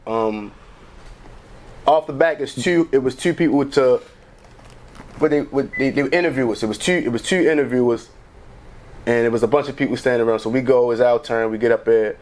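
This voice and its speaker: A man's voice: mid-range voice, a little fast, pauses often, a little mellow. A man co-hosting a podcast, telling a long story in casual, profane talk and acting out other people's lines. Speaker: podcast co-host.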